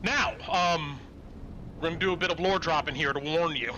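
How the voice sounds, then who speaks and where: Bright-voiced game master narrating a scene. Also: male voice, on the high side, normal speed, a little hiss or hum, poor audio. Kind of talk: narrating a tabletop game live stream.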